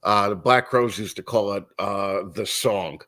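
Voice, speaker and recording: Low-voiced man telling rambling stories. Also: unhurried, bright, forceful tone. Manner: rambling storyteller, lots of restarts and acted quotes. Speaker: guest, musician. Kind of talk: casual podcast chat.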